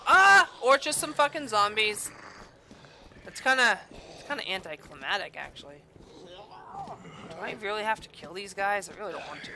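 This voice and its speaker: A woman's voice: medium pitch, lively intonation, normal speed, background noise. A young woman giving crude, jokey let's play commentary on a horror game, swearing often and yelping when startled. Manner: yelps and shouts when startled. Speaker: gamer playing a horror game.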